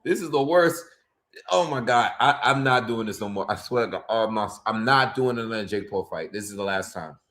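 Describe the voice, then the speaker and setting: A man's voice: lowish voice, brisk, fairly bright tone. A man doing live reaction commentary on a boxing fight, exasperated and ranting, with frequent exclamations.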